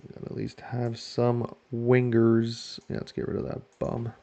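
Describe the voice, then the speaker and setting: A man giving casual let's-play commentary on a football management game, joking to himself and shouting when his team scores. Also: medium pitch, a little slow. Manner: excitable, jokes to himself, shouts at goals. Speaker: video game player.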